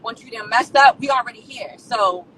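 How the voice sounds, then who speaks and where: A woman's voice: a little high, moderate pace, a bit bright. Earnest woman on a distant mic. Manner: frank, personal, earnest. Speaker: caller. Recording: distant mic with faint noise.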